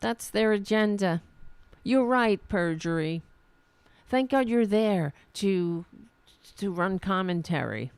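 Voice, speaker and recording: Gravelly, sarcastic woman podcast host. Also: medium pitch, lively intonation, slow, no echo. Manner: sarcastic, profane, mocking. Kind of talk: political commentary.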